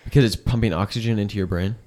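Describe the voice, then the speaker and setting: A man's voice: fairly low pitch, racing, warm tone. A young man co-hosting a podcast, explaining in a laid-back, rambling way in casual chat. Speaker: podcast co-host.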